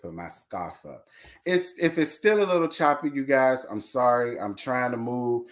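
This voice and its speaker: A man hosting a casual live review from home, talking in a sassy, animated, gossipy way and calling his viewers y'all and girl. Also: medium pitch, moderate pace. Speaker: host of a reality TV live review show.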